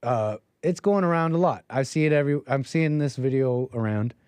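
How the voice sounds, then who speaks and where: A man's voice: mid-range voice, brisk, a little mellow, clear, resonant tone, no echo. Opinionated man giving dry commentary. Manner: opinionated, mocking. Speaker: livestream host. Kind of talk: political commentary.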